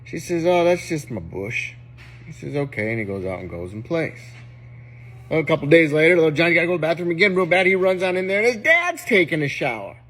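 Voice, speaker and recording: A man with a fairly high, lively voice rattles off a string of crude jokes. He jumps between characters, dropping and raising his voice for each one, and laughs at his own punchlines. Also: quick pace. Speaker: joke teller. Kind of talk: telling dirty jokes.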